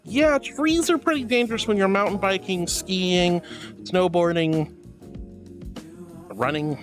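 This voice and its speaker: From a virtual reality stream setup, a woman reads her livestream chat aloud, affectionate and bubbly, calling everyone honey and sweetie and squealing high-pitched greetings. She talks a little slowly, with faint music in the background.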